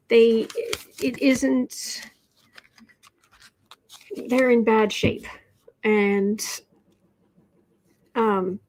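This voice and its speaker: A woman hosting a tarot livestream, chatting casually and reading out viewer comments. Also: fairly high pitch. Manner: soft-spoken, cooing to a pet cat between readings. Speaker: tarot reader and livestream host.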